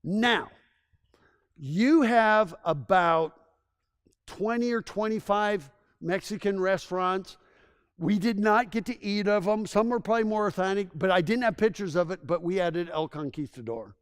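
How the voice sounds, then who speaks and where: A man's voice: high voice, measured pace, clear, resonant tone. A man giving a rambling, enthusiastic presentation to a local audience, telling stories with frequent restarts. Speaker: presenter giving a town assessment.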